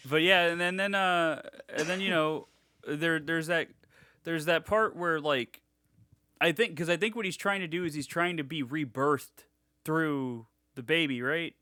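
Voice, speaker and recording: A young man chats loosely on a podcast, rambling through stories with plenty of restarts and swearing. His voice is bright and forceful, recorded close and dry. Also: fairly high pitch, unhurried, clear, resonant tone, dry recording. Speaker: podcast co-host. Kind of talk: casual chat.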